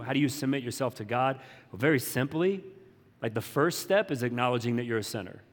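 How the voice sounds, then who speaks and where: A man's voice: medium pitch, lively intonation, brisk, big-room sound. A man preaching a sermon as pastor, talking in a casual, conversational way with slangy asides and playful voiced quotes.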